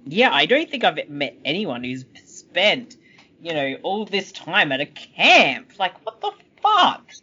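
A woman telling stories with a lively, swooping voice that jumps between high and low, slow and drawn out. She swears freely and acts out scenes in exaggerated voices. The sound is dull and lo-fi. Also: breathy edge. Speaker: podcast co-host. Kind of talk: casual chat.

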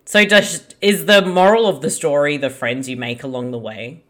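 An Australian co-host in casual chat about a film, making quick jokes and giggling often. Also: mid-range voice, a bit bright. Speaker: co-host of a movie-watching podcast.

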